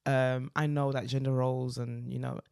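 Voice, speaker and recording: A woman co-hosting a podcast, telling stories in casual chat with lots of fillers and animated delivery. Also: extremely low pitch, moderate pace, creaky, clean tone, no echo, clean studio sound. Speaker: podcast co-host.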